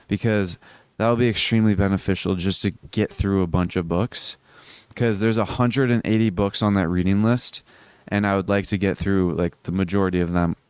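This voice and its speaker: A man's voice: lowish voice, smooth, dry recording. A young man hosting a casual solo podcast, sleepy and yawning as he rambles through many fillers and restarts. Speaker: podcast host.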